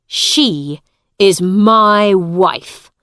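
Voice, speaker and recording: A woman's voice: mid-range voice, very slow, fairly bright tone, no room sound, clean studio sound. A woman reading the part of a grown man, a cold, hostile younger brother who speaks sternly in a raised voice. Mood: angry.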